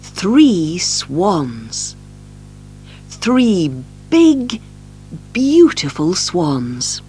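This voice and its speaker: A woman narrates a children's tale at a very slow, careful pace, her pitch rising and falling widely as she reads. Soft music plays faintly behind her. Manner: very slow, lively, expressive reading. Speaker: audiobook narrator. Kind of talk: slow storybook reading for learners.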